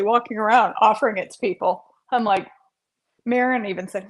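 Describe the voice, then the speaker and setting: A woman's voice: mid-range voice, normal speed. A middle-aged woman, chatting casually on a cooking livestream and greeting viewers by name with playful sing-song asides. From North Carolina, USA. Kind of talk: casual live-stream chat while cooking.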